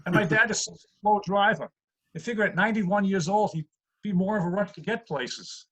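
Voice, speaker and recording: A comedian delivers deadpan one-liners in a high voice. He is heard through a computer mic on a video call from home. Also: brisk, husky, poor audio. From USA. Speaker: stand-up comedian. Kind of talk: stand-up routine.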